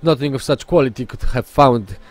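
A man's voice: mid-range voice, brisk, dry recording, lightly acted. A man voicing a boastful male merchant of rare oddities, with a theatrical, put-on Italian accent that slips now and then. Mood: grandiose. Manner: theatrical, refers to himself in third person, stumbles on the accent.

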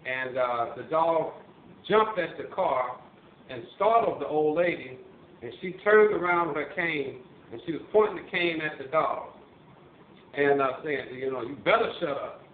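An older man, a retired police officer from Missouri, telling stories in a halting casual way with many fillers and restarts. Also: fairly high pitch, animated, slight background noise. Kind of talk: casual storytelling monologue. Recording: tinny phone-like line, roomy echo.

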